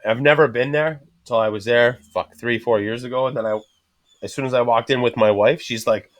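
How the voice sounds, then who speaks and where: A man with a mid-range voice tells bar stories in a loose, profane way, slipping into quick impressions of the people he met. The sound is close and dry, with no room around it. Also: medium pitch, no echo. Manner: swears constantly, animated storyteller acting out quotes. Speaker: podcast host. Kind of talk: casual chat.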